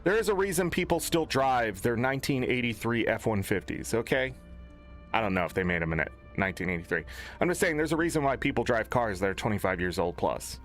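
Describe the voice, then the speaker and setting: A young man streaming a game, ranting angrily and cursing, swinging between low mutters and loud outbursts. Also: expressive, fairly quick, soft background music. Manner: profane, exasperated ranting with swings in pitch. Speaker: gaming streamer. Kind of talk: angry off-the-cuff stream rant.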